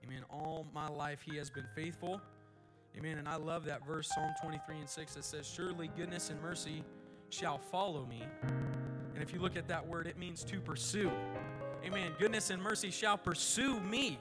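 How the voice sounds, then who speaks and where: A man preaching a sermon from a church pulpit as a guest speaker, his throat sore, moving between a steady teaching voice and loud, fervent prayer. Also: on the high side, normal speed, over loud music.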